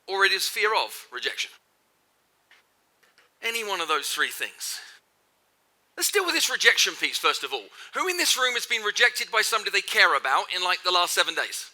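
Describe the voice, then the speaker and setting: In a large hall before a live audience, a middle-aged man gives a motivational keynote at normal speed in a high, pushed, bright voice with big pitch swings and long pauses. He's emphatic, repeats phrases for effect, and keeps asking the crowd questions.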